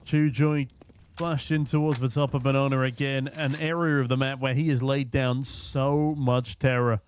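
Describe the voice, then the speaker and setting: A hoarse young man casting an esports match from a booth, with quick, joking play-by-play. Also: mid-range voice, steady tone, a little hiss or hum. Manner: quick, jokey, punning play-by-play. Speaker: esports caster. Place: casting booth at a live event.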